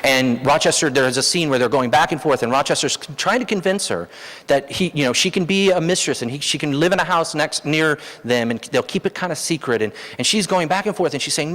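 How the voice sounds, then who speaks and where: A man preaching a sermon as pastor, animated, his voice jumping high for emphasis. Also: fairly quick. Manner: animated, rises sharply in pitch for emphasis. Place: church hall. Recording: long hall reverb.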